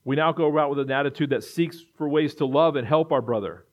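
A man's voice: a little high, brisk. A man preaching a sermon in an earnest way, building to emphatic repetition. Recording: dull lo-fi recording.

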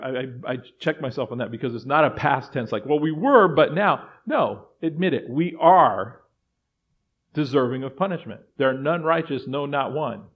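A man preaching a sermon as pastor, moving between quiet reflective passages and loud acted-out voices of doubters. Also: mid-range voice, normal speed, breathy edge, lo-fi sound.

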